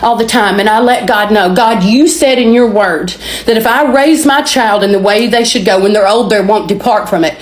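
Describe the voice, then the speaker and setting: A woman's voice: mid-range voice, moderate pace, hardly any pauses, lightly acted. A woman voicing her devout mother in earnest prayer, with a Southern accent. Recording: roomy echoey recording.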